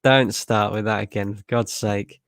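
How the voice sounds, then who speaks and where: Male streamer, young, gravelly and lowish, casual and sweary, dry close mic. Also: fairly even intonation, normal speed, no room sound. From Lincolnshire, England. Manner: casual, sweary, laughs a lot, reads chat aloud. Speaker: football watchalong streamer. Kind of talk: live stream reaction, reading chat.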